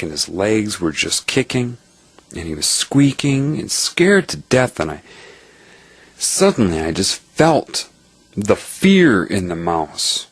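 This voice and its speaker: A man earnestly telling a personal story in a reflective, spiritual way, pausing to stress key words. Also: sits low, breathy edge, dry recording.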